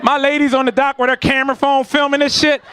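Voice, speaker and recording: A man doing a stand-up comedy set, telling a story with lively acted-out voices and shouts before a laughing audience. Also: extremely high pitch, fast, some chatter behind.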